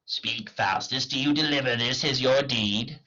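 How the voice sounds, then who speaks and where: A man's voice: mid-range voice, a little slow, sharp tone, muffled recording, pitched above the performer's own voice. Man reading as a cunning tempting devil. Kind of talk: dramatic reading of a play.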